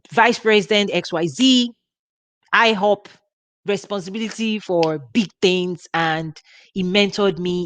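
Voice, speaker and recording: A woman's voice: fairly low pitch, no echo. Earnest woman teaching in a dry room. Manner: earnest, repeats words, halting restarts. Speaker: ministry host. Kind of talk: casual teaching talk.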